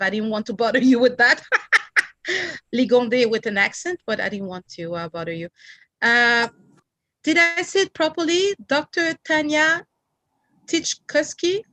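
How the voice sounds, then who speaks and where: A woman's voice: a little high, lively intonation, normal speed, pushed and bright, dry recording. A woman with a French accent, a native French speaker, hosting an online memorial gathering and carefully checking how to say guests' names. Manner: careful about pronouncing names, apologetic. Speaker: event host. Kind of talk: casual online meeting chat. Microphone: video call.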